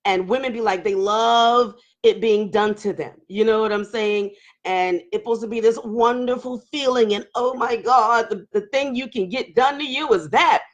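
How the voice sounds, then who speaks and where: A woman's voice: fairly high pitch, normal speed, hardly any pauses, lo-fi sound. A woman in her forties hosting a candid live-stream talk, speaking emotionally and laughing nervously as she opens up. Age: 40s. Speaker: host.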